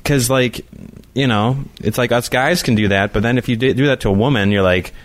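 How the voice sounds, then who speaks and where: A man's voice: mid-range voice, a little fast. A man on a podcast chatting casually, rambling with many fillers. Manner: rambling, full of "you know" and "like". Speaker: podcast co-host.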